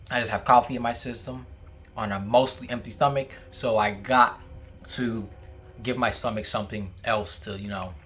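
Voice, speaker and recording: A man's voice: on the low side, fairly even intonation, normal speed, a bit bright. A young man vlogging casually to camera, talking while he eats, rambling with many fillers and restarts.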